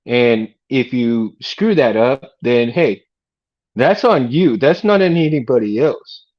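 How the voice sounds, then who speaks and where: A middle-aged man from Texas talks casually to his livestream chat, loose and rambling, with frequent laughs and "man" and "dude" thrown in. His pitch sits right in the middle for a man. The audio is a little dull and lo-fi. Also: lively intonation, slow. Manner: laid-back, rambling, laughs often, says "man" and "dude". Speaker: livestream host.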